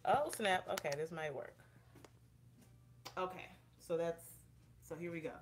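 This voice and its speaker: A woman's voice: fairly low pitch, steady tone, unhurried, echoey room, a little hiss or hum. Chatty slightly breathless woman vlogger. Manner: chatty, direct, addresses viewers. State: a little out of breath. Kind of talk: casual vlog, demonstrating on camera. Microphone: camera propped up in front of her.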